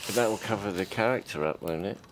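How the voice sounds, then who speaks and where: A man's voice: fairly low pitch, fast talker, background noise. A man chatting enthusiastically as a game developer on a livestream. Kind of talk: casual chat during live game building.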